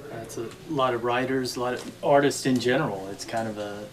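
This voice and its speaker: A man hosting an interview, speaking in a halting way with frequent restarts. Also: mid-range voice, poor audio. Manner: halting, many fillers and restarts. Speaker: host. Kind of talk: interview conversation.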